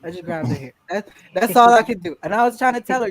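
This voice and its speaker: A woman guest in a casual interview, telling a lively story, acting out quotes and laughing often. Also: on the high side, fast, no room sound. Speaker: podcast guest.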